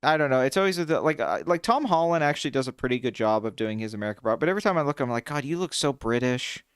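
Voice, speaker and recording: A young man co-hosting a casual chat, animated and swearing freely, his pitch jumping when he gets excited. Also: racing, smooth, no room sound, clean studio sound. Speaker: podcast co-host.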